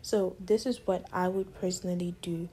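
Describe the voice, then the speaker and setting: A woman giving casual, direct advice to other women in a vlog, often calling out to them and slipping into breathy half-whispers. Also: fairly low pitch, steady tone, normal speed, warm tone. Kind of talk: casual advice monologue to camera.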